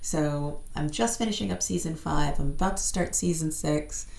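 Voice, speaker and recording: A middle-aged woman with an American accent talks in a low, gravelly voice. She is chatty and self-deprecating, laughing often as a guest. Her voice rings in a roomy, echoing space. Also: moderate pace, a little mellow. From United States. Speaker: guest actor. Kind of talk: casual interview chat. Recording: echoey room.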